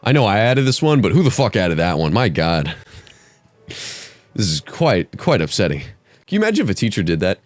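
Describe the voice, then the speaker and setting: A man's voice: normal speed, pauses often, dry recording. Swearing, theatrical young man ranting. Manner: profane and theatrical, voice jumps very high when excited. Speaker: comedy YouTuber. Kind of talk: mock-grading an essay, comedic rant.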